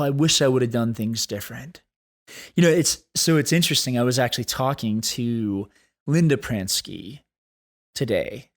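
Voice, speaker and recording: A man hosting a solo podcast, talking in an earnest, thoughtful way and slowing down to stress key points. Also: mid-range voice. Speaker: podcast host. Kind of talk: reflective solo podcast talk.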